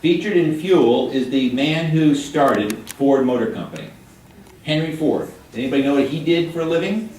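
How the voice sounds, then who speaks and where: A man's voice: fairly high pitch, normal speed, darkish tone. Older man lecturing in an echoey hall. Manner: chatty, jokey, quizzes the audience. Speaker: guest lecturer. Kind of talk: classroom lecture with questions to students. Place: high school hall or classroom. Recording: echoey room, mic at a distance.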